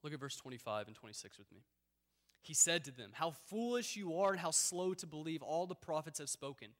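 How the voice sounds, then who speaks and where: A man preaching a sermon as a pastor, earnest and building to emphatic appeals, then dropping low for somber points. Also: lively intonation, a little fast, fairly bright tone. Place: church hall. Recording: long hall reverb.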